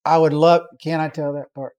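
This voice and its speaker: Animated male preacher, fairly high voice. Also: normal speed. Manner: animated, acts out quoted voices and shouts. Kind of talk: sermon storytelling.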